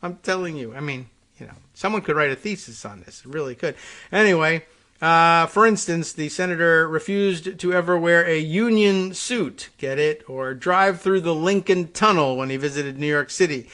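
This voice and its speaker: A man's voice: on the high side, moderate pace, bright, forceful tone. Wry, rambling male talk host. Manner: rambling, wry, chuckling, many fillers and restarts. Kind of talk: casual monologue reading and riffing on air.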